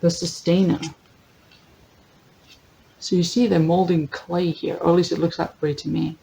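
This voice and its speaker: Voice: mid-range voice, flat delivery, normal speed, gravelly, mellow, a little hiss or hum, poor audio. A tarot reader giving a casual general reading, thinking aloud, correcting themselves, laughing easily and reading lists from a guidebook. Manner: chatty, thinks aloud, often corrects itself.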